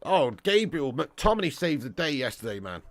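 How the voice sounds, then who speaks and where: Speaking at an ordinary pace in a higher-pitched voice, this watch-along host commentates on a football match live and reads out the chat. His delivery is slangy and excitable, punctuated by indignant bursts, and the sound is dry.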